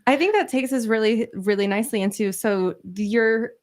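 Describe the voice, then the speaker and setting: A woman's voice: a little high, normal speed. A woman podcast host asking questions with playful, joking asides. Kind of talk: interview questions.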